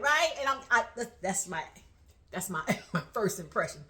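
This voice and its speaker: High, lively woman telling a story. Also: normal speed, a little hiss or hum. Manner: animated, laughs often while telling a story; talks straight to viewers. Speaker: vlogger. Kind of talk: casual storytelling to camera.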